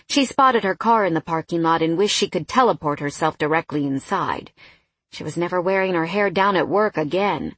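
A woman narrating a novel in a steady, scripted reading style on a close studio mic. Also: mid-range voice, moderate pace, slightly rough, no room sound. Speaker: audiobook narrator.

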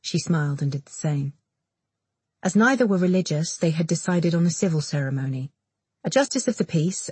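A woman narrating an audiobook in a measured, intimate read. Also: low voice, warm tone, slightly rough, no echo. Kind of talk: scripted narration.

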